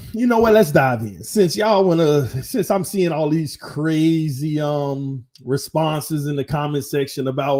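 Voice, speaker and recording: A man hosting his own sports channel, chatting casually and slangily to viewers on a live stream. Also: on the high side. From Florida. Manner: animated, talks straight to viewers, slangy.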